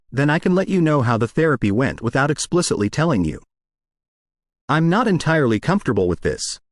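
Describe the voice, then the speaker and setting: Man voicing woman therapist; firm, guarded, lively intonation. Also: medium pitch, dry recording, studio quality, close to an everyday voice.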